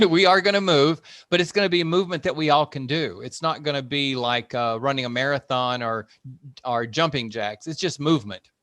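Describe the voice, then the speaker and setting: A man's voice: on the high side, a bit bright, no echo, clean studio sound. An older man, a fitness instructor, wrapping up an online class in a chatty, encouraging way with plenty of fillers over a video call. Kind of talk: online class wrap-up talk.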